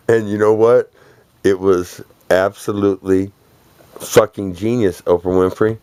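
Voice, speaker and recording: A man's voice: on the low side, steady tone, a little slow, mellow, smooth, no echo. A man delivering a rambling, profane, boastful monologue, laughing between phrases.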